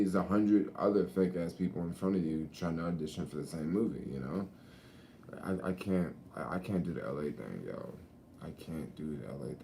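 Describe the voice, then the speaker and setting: This beach vlogger chats casually and rambles, using slang, cursing and laughing frequently in a relaxed manner. He has a low, warm voice, and slight background noise can be heard.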